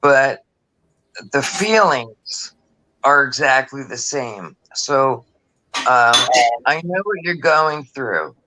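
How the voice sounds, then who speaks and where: A man's voice: mid-range voice, lively intonation, slow pace, pauses often, bright, forceful tone, poor audio. A man chatting earnestly on a group video call, rambling with lots of fillers. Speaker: regular in a group live chat. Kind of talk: casual chat.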